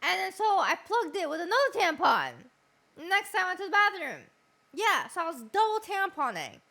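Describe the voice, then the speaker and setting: A woman's voice: extremely high pitch, very animated, moderate pace, sharp tone. A young woman hosting a stream, telling a crude story with lots of laughing and swearing. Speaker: streamer host. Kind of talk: casual stream chat.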